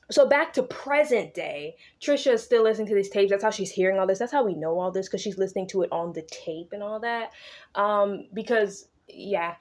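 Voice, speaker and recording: A young woman in a relaxed, slangy book recap. She swears easily and breaks into short impressions of the characters mid-sentence. Her voice sits at a middle pitch for a woman. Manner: slangy, swears freely, acts out characters' lines in quick asides. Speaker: book vlogger recapping a novel. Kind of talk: casual chatty book recap.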